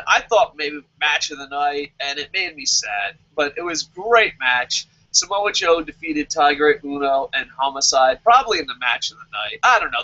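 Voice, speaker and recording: A man casually reviewing a wrestling show, sarcastic and animated, swearing freely. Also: a little high, muffled recording. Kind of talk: casual profane review rant.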